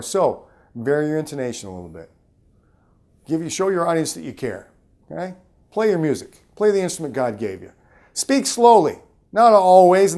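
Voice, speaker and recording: Emphatic middle-aged man coaching salespeople. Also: darkish tone. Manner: emphatic, coaching, varies pitch and volume widely. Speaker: sales trainer, host. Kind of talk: motivational talk to camera.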